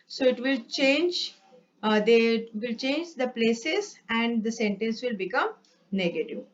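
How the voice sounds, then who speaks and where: A woman's voice: on the high side, animated, slow pace, background noise. A woman teaching an English grammar lesson, reading out word lists patiently and correcting herself as she goes. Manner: patient, repeats words, corrects herself with "sorry". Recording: dull lo-fi recording.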